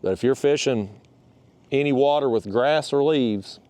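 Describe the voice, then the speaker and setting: A man's voice: mid-range voice, measured pace, a little mellow. A man talking casually while fishing from a kayak outdoors, rambling and a bit out of breath. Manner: rambling, restarts, folksy phrasing. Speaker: fishing vlogger.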